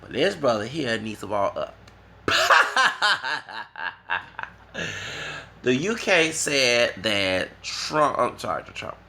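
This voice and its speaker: Gravelly man ranting on a vlog. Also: medium pitch, unhurried, hardly any pauses. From United States. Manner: rambling, keeps asking "okay?"; mocking, animated. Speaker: vlogger. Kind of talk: casual rant to camera.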